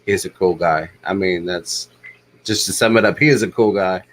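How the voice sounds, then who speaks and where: Low-voiced guy hosting a chill livestream, rambly with lots of ums, faint hum behind. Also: moderate pace, poor audio. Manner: relaxed, rambling, many ums. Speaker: livestream host. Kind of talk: casual livestream chat.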